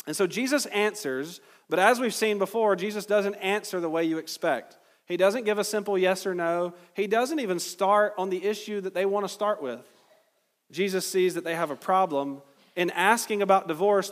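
A man's voice: high voice, big-room sound. A man preaching a sermon as pastor, talking in a loose conversational way with sarcastic asides.

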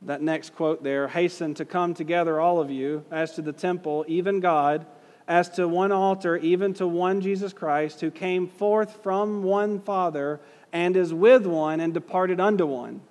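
A man teaches a class, talking in a relaxed, conversational way and reading passages aloud. His voice sits a little high, and he hits key words hard and puts questions to the room. A long reverb trails behind him, as in a large hall. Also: measured pace. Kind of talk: classroom lecture reading historical quotes.

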